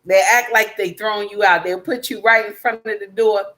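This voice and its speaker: A woman's voice: medium pitch, fairly even intonation, normal speed, fairly bright tone. A woman hosting a casual livestream, reading out chat comments and lecturing emphatically, repeating her points and calling listeners baby and my dear. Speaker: live stream host reading chat.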